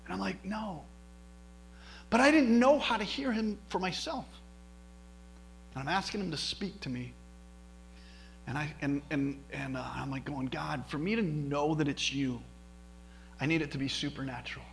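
A middle-aged male pastor telling a personal story in a sermon, animated, with many restarts. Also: on the high side, normal speed, creaky, pauses often, slight background noise, low-quality recording. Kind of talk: sermon testimony.

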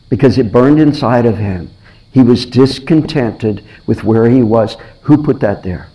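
A man's voice: mid-range voice, measured pace, highs cut off. A man preaching a sermon, telling stories with energy and acting out the lines of the people in them, often repeating his words. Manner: animated storytelling, acts out voices, repeats himself.

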